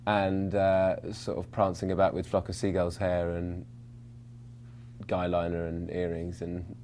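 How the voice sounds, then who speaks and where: A man's voice: low-pitched, completely flat delivery, unhurried, a little mellow, slight background noise. A young man from London, an actor answering interview questions in a rambling, self-mocking way, full of fillers and restarts. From England, London.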